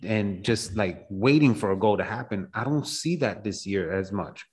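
Low-voiced man in hesitant football chat. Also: normal speed, a little mellow, husky, poor audio. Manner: hesitant, with many fillers.

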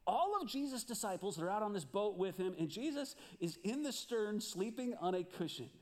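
A man preaching a sermon as pastor, animated and questioning his listeners. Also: high voice, normal speed.

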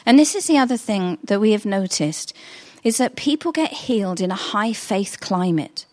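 A woman's voice: medium pitch, lively intonation, normal speed, darkish tone. A middle-aged woman preaching a sermon, telling stories in a chatty, earnest way. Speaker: pastor.

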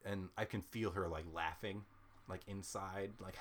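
A young man with a fairly low-pitched voice tells a story in a casual chat. He swears constantly and rants with animated frustration, laughing his way between complaints. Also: unhurried. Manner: profane, animated ranting storyteller.

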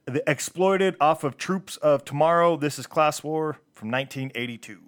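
A man's voice: on the high side, normal speed. A man hosting a punk music radio show, talking casually between songs in a laid-back, rambling way and tripping over hard names.

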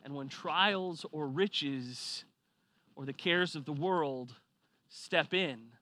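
Bright-voiced, animated male preacher. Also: on the high side, slow. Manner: animated storytelling, swings from quiet to loud. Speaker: pastor. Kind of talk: sermon.

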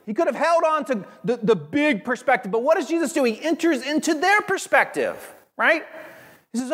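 Animated preaching man in a reverberant hall. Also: extremely high pitch, a little fast. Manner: animated, conversational preaching with asides. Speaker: pastor. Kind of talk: sermon.

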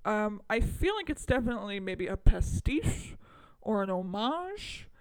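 Lively, animated woman podcast co-host. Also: mid-range voice, measured pace. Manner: enthusiastic, lively, trails off and restarts. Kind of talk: casual podcast chat.

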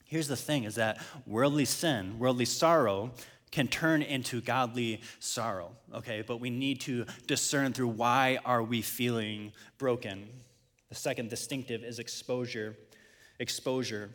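A man's voice: mid-range voice, unhurried, long reverb tail. A man in his thirties, a pastor preaching a sermon and working through scripture points with a personal story. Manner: storytelling, rising to excited peaks.

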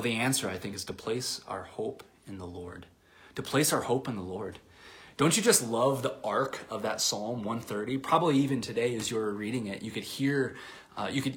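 Soft-spoken man preaching a sermon. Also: on the low side. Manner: conversational, with many fillers and restarts. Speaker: pastor.

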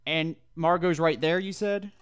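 Higher-voiced man asking rules questions. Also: fairly even intonation, clear, resonant tone, dry recording. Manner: thoughtful, asks quick questions. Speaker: player. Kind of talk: tabletop game chat.

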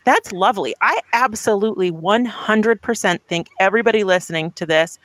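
A guest speaking in a casual discussion, quick and emphatic, pressing each point hard. The voice is recorded close and dry, with a middle pitch. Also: a bit bright, no echo.

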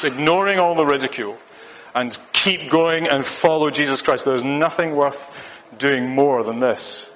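A man's voice: on the high side, sharp tone. A man from Scotland preaching a sermon, earnest and urging, repeating phrases for emphasis. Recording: long hall reverb.

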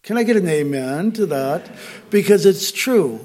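Man, pastor, sermon, slightly high voice, conversational, emphatic asides to the congregation. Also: expressive, unhurried, a little mellow. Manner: conversational preaching with rising emphasis and frequent asides. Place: church.

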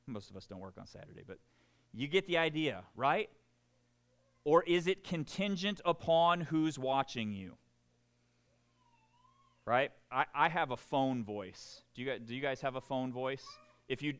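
Lively joking male preacher. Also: mid-range voice, normal speed. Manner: animated and joking, keeps asking the room "right?". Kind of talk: sermon.

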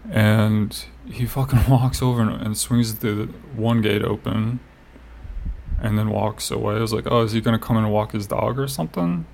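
A man's voice: fairly low pitch, moderate pace, vocal fry, a little mellow, a little hiss or hum. A man telling a story in casual chat. He rambles, fills his talk with "like" and swears now and then.

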